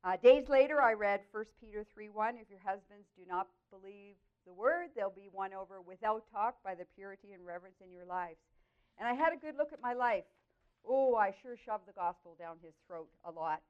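A woman sharing her personal Christian testimony, telling the story in an earnest, expressive way with lively swings in her voice. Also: mid-range voice, moderate pace, clear, resonant tone. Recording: dull, lo-fi audio.

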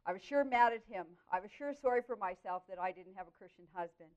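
A woman sharing her personal Christian testimony, telling the story in an earnest, expressive way with lively swings in her voice. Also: medium pitch, quick pace. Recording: dull, lo-fi audio.

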